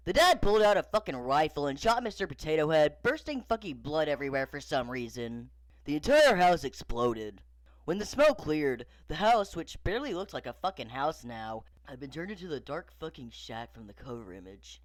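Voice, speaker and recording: A man narrating a horror story with profane, sarcastic disbelief. His pitch swings widely from line to line. The recording is dry and close. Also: big pitch swings, normal speed, dry recording. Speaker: creepypasta narrator.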